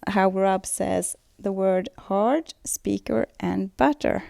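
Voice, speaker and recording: Woman presenting a language lesson, gravelly. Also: medium pitch, dark tone. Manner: measured, explanatory, reading from notes. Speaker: student presenter.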